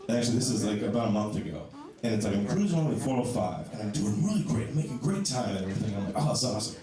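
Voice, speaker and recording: Male stand-up comic, lively self-deprecating delivery; distant, roomy club recording with audience noise. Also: on the low side, very fast. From Ohio. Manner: animated, self-mocking, acts out quoted voices. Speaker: stand-up comedian. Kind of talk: stand-up set. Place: comedy club stage with live audience. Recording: echoey club, distant mic, crowd noise.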